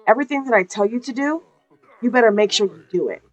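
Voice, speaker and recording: A woman's voice: on the high side, expressive, quick pace, muffled recording. A woman doing a bossy gang member. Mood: commanding.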